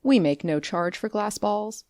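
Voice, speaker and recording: A woman's voice: medium pitch, a little slow, a little mellow, no echo, clean studio sound, natural voice. A woman voicing a courteous male magic shopkeeper in a storybook reading, with polite and mysterious speech.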